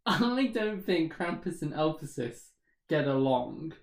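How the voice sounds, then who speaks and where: A man's voice: fairly high pitch, big pitch swings, unhurried. Giggly man in an echoey room. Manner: giggly, rambling with fillers. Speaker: podcast co-host. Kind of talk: casual comedic chat about a tabletop game.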